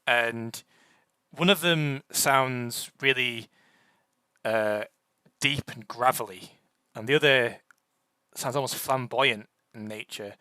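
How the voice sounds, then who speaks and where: A young man narrating a tabletop game as game master, halting with many restarts. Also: medium pitch, pushed and bright, clean tone, dry recording.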